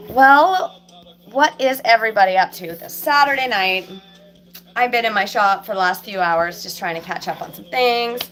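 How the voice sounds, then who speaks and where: A woman with a cold-stuffed voice chats in a loose, rambling way to her viewers, pausing on ums and restarting her sentences. She talks from a small office in her shop. Faint country music plays in the background. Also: mid-range voice, a bit bright. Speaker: fabricator and vlogger. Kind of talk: casual live chat to viewers. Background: faint country music playing.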